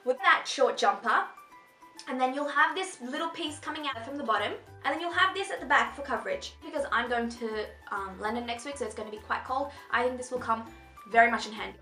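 Bubbly and chatty, this young fashion vlogger gushes over a casual haul in a high, bright voice, talking a little fast. Faint music sits beneath her words, which bounce around an echoey room.

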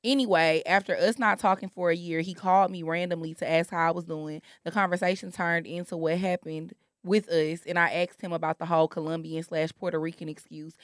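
Woman podcast co-host, low-pitched, blunt and slangy, dry close mic. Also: dry recording. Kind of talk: casual chat, reading a listener email aloud.

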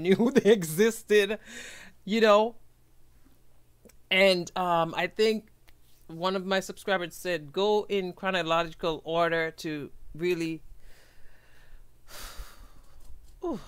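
Slow-talking woman gushing. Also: lowish voice. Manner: gushing and emotional, with sighs and breathy asides. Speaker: reaction video host. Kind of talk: casual reaction commentary.

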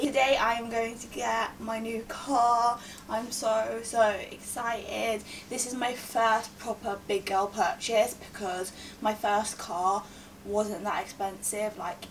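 A 21-year-old woman chatting in a vlog, out of breath and rushing, bubbly and gushing. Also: medium pitch, distant mic, a little hiss or hum, poor audio. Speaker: vlogger. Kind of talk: casual vlog chat.

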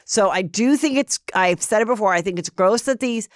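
A woman's voice: normal speed, no echo, clean studio sound. A woman hosting a casual gossip podcast, telling stories and acting out quotes. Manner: chatty storyteller, acts out quotes in higher voices. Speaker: podcast host.

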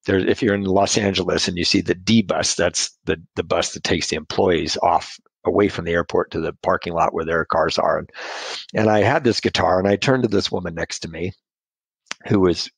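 A man's voice: low voice, steady tone, moderate pace, vocal fry, breathy edge, no room sound. A man telling his sobriety story in a rambling, self-deprecating way, laughing at his own jokes. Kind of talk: casual storytelling.

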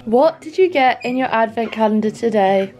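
A woman's voice: a little high, expressive, moderate pace. A young woman in her twenties from England, vlogging in a rambling, chatty way and swearing casually. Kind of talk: casual chat to camera. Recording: faint background noise.

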